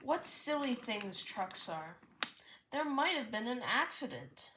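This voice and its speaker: A woman reads as a proud red male steam engine, stubborn and determined, talking earnestly in a fairly everyday voice. The storybook reading is slow and unhurried. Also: fairly high pitch, sing-song, background noise. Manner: earnest, sometimes sad, sometimes puffing with effort.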